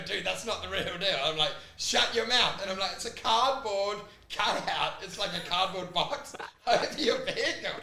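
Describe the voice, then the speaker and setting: High, gravelly man in a roomy space. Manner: animated, laughs through stories, acts out voices. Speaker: podcast co-host. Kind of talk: casual comedic chat.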